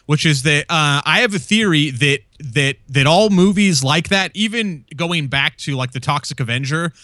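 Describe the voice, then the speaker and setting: A man's voice: on the high side, animated, moderate pace, bright, forceful tone, no echo. A man in casual chat, rambling and swearing freely with many restarts.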